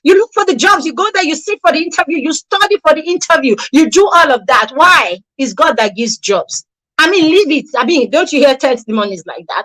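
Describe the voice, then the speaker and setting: A woman's voice: high voice, expressive, fairly quick, a bit bright, rough recording. A woman giving a motivational parenting talk, emphatic and repetitive, full of rhetorical questions and sarcastic asides. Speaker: parenting coach.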